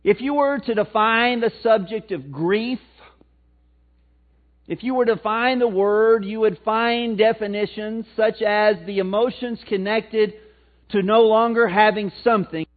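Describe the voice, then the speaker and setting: A man with a Missouri accent preaching a sermon in a folksy way, swinging between loud emphatic lines and low, quiet ones. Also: fairly even intonation, measured pace. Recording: tinny phone-like sound, mic cutting out.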